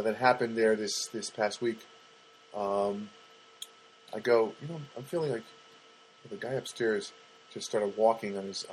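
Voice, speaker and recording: Husky American man rambling on air. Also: medium pitch, low-quality recording. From United States. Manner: rambling, stammering restarts, wry asides. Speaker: radio host. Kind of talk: rambling solo monologue.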